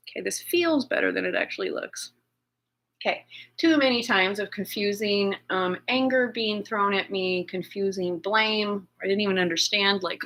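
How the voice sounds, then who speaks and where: A middle-aged woman speaking in a personal video journal, shaken and anxious, talking haltingly with many fillers and restarts. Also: mid-range voice, fairly bright tone. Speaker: vlogger.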